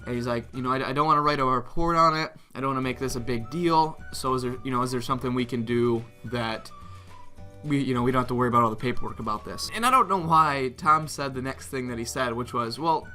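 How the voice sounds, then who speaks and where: A man's voice: mid-range voice, quick pace, faint music behind. A young man casually telling a prank story as a vlogger, laughing often and acting out what others said. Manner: animated, laughs often, reenacts others' lines.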